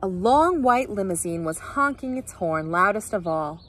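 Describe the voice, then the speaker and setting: A woman, a teacher, reading a children's picture book aloud with expressive, animated storytelling. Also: mid-range voice, normal speed.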